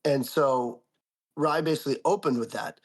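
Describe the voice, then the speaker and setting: A young man co-hosting a podcast, telling an indignant story in a casual, animated way with lots of "like". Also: medium pitch, normal speed, breathy edge. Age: young adult. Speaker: podcast co-host.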